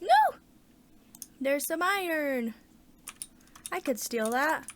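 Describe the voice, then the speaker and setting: एक महिला अपना गेम खेलते हुए बातचीत के अंदाज़ में कमेंट्री करती है, ज़ोर से सोचती है और बीच-बीच में उत्साह से उछल पड़ती है।. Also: female voice, a little high, measured pace, a little hiss or hum. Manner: chatty, thinks aloud, bursts of excitement. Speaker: gaming channel host. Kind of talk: casual let's-play commentary.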